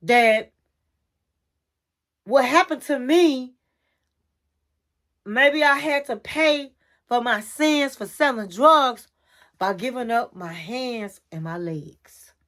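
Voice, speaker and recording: Woman reading earnest man's testimony, slow and sincere. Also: fairly high pitch, expressive, fairly bright tone. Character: grown man telling his comeback story.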